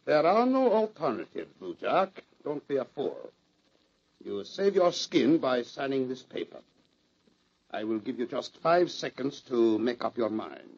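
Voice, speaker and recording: A suave accented gangster villain. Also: male voice, mid-range voice, very animated, heavily acted. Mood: menacing. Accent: foreign. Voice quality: smooth, sinister and deliberate. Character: suave menacing male gambler villain with an accent. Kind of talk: old-time radio drama acting. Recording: dull lo-fi old radio recording.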